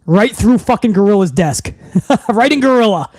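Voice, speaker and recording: A young man with a high-pitched voice rants on a live wrestling podcast stream, heated and profane. He reads viewer messages aloud between outbursts. The sound is very dry and close to a desk mic. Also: animated, normal speed, a little mellow, no room sound.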